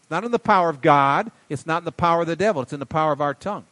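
A man preaching a sermon in a folksy way, swinging from quiet asides to loud emphatic bursts. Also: on the high side, very fast, no room sound. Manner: folksy, calls listeners buddy and darling. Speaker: pastor.

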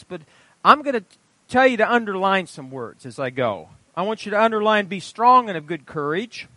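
A man preaching a sermon and reading scripture aloud, with emphatic delivery. He quizzes the congregation in call-and-response and swings between loud proclamation and quiet asides. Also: sits high, dry recording. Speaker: pastor.

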